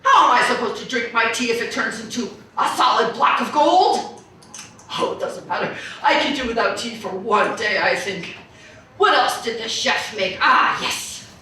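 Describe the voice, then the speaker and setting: A woman acting as a greedy, giddy king who exclaims over everything with a high, swooping voice. He talks slowly and brightly. The sound booms with echo and comes from well away from the mic. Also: expressive, slight background noise. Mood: puzzled. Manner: exclaiming, wonderstruck, theatrical. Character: greedy, giddy king, middle-aged man. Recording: booming echo, mic far off.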